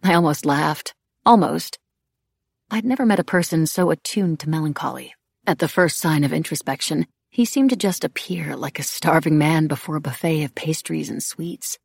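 A woman narrating a first-person novel in a hushed, reflective, measured way. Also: sits low, gravelly, husky, no room sound, studio quality. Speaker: audiobook narrator.

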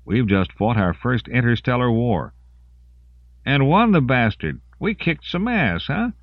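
A man voicing a brash, crude young male soldier who is loud and cocky. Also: medium pitch, big pitch swings, unhurried, no echo, highs cut off, voice pushed up.

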